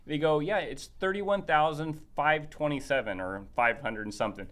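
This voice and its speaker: A man's voice: fairly high pitch, normal speed. Man telling a story on a podcast. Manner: animated, acts out quoted dialogue; many restarts and fillers. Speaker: podcast guest. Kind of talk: casual storytelling chat.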